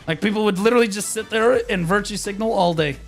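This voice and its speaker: A man's voice: high-pitched, fast talker, faint music behind. A young man streaming a game, ranting in a frustrated, profane, rambling way with many restarts. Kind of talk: live-stream rant.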